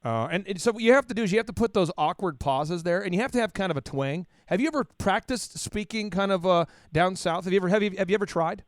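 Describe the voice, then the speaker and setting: A man's voice: sits high, fast, few pauses, no echo, studio quality. A man from Oklahoma hosting an interview show, playful and teasing, often repeating words as he starts a sentence. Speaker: podcast host. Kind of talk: joking interview chat.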